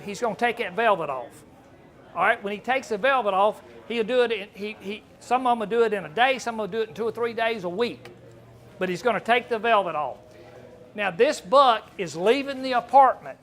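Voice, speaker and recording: A man's voice: high-pitched, fairly bright tone. A man giving a folksy hunting seminar, joking and asking the audience questions. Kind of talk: folksy live seminar talk.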